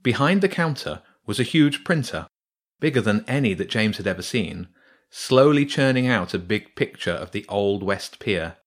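A man narrating a children's story in a steady, measured reading. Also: on the low side.

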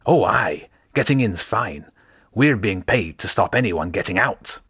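A man reads a brawling audiobook rat with a husky Scottish lilt. His voice leaps around in pitch as he relishes the chance to fight. The recording is close and dry. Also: lively intonation, unhurried, fairly bright tone, dry recording, exaggerated voice. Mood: eager. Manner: gleeful and bold. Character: eager fight-hungry male rat. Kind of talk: audiobook character voice.

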